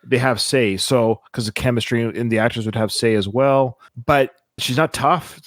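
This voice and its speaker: A man's voice: medium pitch, moderate pace, no echo. Opinionated man on a dry mic. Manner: animated, opinionated, restarts often. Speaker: podcast co-host. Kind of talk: casual film discussion.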